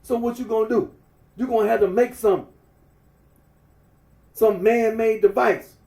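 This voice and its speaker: A man's voice: high-pitched, steady tone, measured pace, vocal fry, warm tone. A man delivering a repetitive, emphatic, scolding rant to camera. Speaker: vlogger. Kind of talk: ranting monologue. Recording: echoey room, far from mic.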